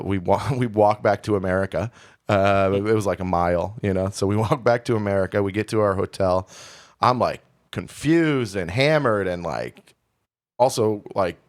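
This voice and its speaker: A young man co-hosting a comedy podcast, telling a long personal story in a candid, rambling way full of restarts. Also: on the low side. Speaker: podcast co-host. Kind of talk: casual storytelling chat.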